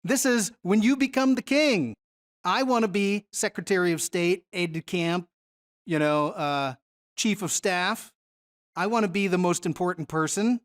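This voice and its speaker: A Bible teacher leading a Bible study lesson in a relaxed, conversational way, often stopping to put questions to the listeners. The voice sits at an ordinary middle pitch. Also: unhurried. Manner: conversational, asks the audience questions.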